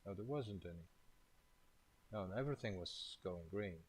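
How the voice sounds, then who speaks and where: A man's voice: deep voice, lively intonation, moderate pace, slight background noise, poor audio. A man thinking aloud while live coding, muttering to himself in casual, half-finished and mildly profane remarks. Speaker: programmer leading a coding session.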